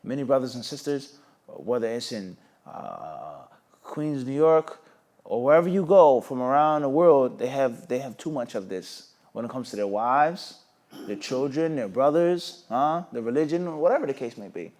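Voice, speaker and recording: A man's voice: mid-range voice, normal speed. A man giving a sermon-style lesson in a live Q&A session, quoting Arabic, translating it and acting out the dialogue in his stories. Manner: animated storytelling, acts out quoted dialogue with raised voice; quotes Arabic then translates. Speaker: Islamic scholar teaching. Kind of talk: Q&A sermon lecture. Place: recorded for an online Q&A stream.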